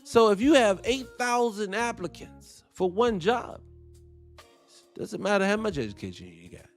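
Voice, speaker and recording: A man with a high speaking voice rants in a blunt, profane sermon about everyday life. His gives the talk a street-level edge. Faint music plays underneath. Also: sing-song, a little slow. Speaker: morning show host. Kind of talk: impassioned monologue.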